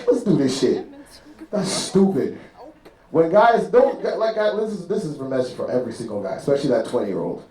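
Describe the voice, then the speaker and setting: A man's voice: fairly high pitch, a little fast, far from the mic. A man doing a stand-up comedy set at a live venue, telling stories and acting out voices in between. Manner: animated storytelling, acting out characters' voices. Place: live club venue with audience. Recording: roomy live venue sound.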